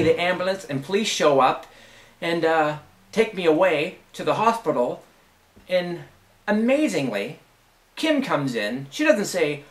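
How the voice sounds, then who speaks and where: A man's voice: a little high, big pitch swings, moderate pace. A middle-aged man vlogging, casually retelling a personal story in a profane, incredulous way.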